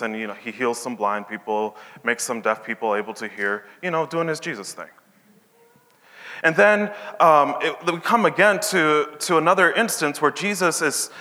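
A man's voice: on the high side, pushed and bright. A man teaching a Bible passage in a casual, chatty way, retelling the story in modern slang and acting out the characters' lines. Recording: long hall reverb.

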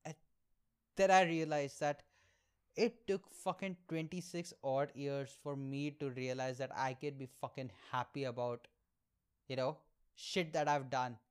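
Speaking in a smooth, mid-range voice with a steady tone and measured pace, this Indian man in his 20s runs his own podcast. He's an aspiring comedian who shares frank, foul-mouthed stories at his own expense.

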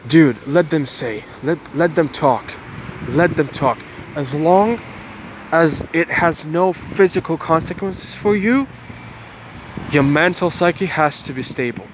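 A man's voice: on the high side, takes it slowly, background noise. A man in his twenties talking to his viewers in an earnest, emotional monologue, repeating and restarting his phrases. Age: 20s. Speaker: vlogger.

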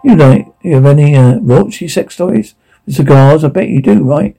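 A taunting, obsessive security guard who gloats over his captive, his gravelly, husky voice sitting a little high, as a man acts him out. He mocks in a dark audio drama and snaps into bursts of rage. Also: normal speed, faint music behind, low-quality recording. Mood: leering. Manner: taunting, mocking, veers into rage. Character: menacing obsessive male security guard captor.

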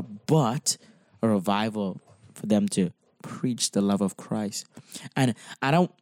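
A man's voice: fairly low pitch, darkish tone, dry recording, studio quality. A man who preaches, talking through his faith in a casual discussion, earnest and impassioned, pressing his points with emphasis.

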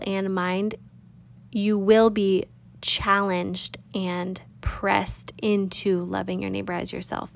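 A woman giving a casual, earnest Bible teaching, chatting with listeners and reading scripture slowly. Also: medium pitch, gravelly.

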